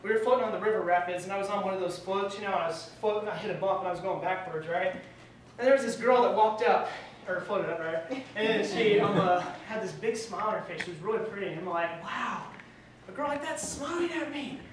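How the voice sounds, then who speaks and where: A man's voice: high-pitched, quick pace, crowd noise. A young man in his late teens doing stand-up comedy, telling awkward, self-deprecating stories. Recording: echoey room recorded from far off, faint ambience.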